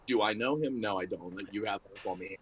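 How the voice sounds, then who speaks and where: A man's voice: fairly low pitch, brisk, background noise. A middle-aged man talking casually as a podcast guest, laughing through his stories. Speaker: guest, associate athletic director.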